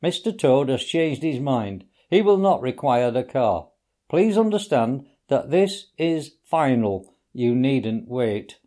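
A man's voice: mid-range voice, very animated, mellow. A man voicing a stern, wise old male badger who speaks firmly and severely in a storybook reading. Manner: firm, severe and measured.

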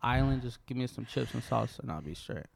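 A woman's voice: rumbling low, lively intonation, brisk, creaky. A young woman co-hosting a podcast, telling stories in loose, casual chat full of swearing. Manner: loose, profane storytelling. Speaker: podcast co-host.

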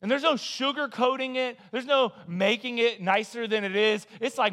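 A man preaching a sermon as a guest speaker, conversational and animated, telling stories with acted-out quotes and repeating "man" and "listen". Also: very high voice, moderate pace, few pauses.

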